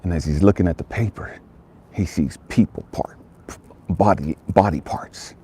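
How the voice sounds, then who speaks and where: A man with a low, dark voice delivers a motivational story, leaning on repetition for emphasis. A husky grain runs under his speech. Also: moderate pace. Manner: emphatic, repeats phrases for effect. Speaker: motivational speaker.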